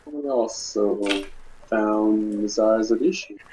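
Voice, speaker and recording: Deep, slow-talking man player. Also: dark tone, slight background noise, rough recording. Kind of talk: casual game chat.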